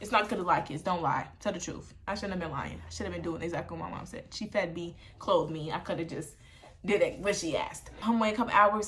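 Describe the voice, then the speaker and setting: A young woman vlogger telling a storytime while getting ready, animated and slangy with conspiratorial asides. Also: on the low side, quick pace.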